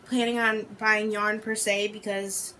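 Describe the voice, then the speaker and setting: A woman's voice: medium pitch, level tone, takes it slowly, pushed and bright, a little hiss or hum. A young woman fresh out of college, a podcast guest, chatting casually and hesitantly with many fillers. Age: young adult. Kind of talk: casual chat.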